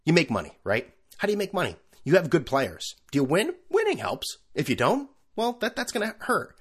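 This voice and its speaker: A man's voice: a little high, huge pitch swings, fairly quick, breathy edge. A man hosting his own podcast, talking alone in a rambling, profane and sarcastic way. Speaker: podcast host. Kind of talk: casual solo chat.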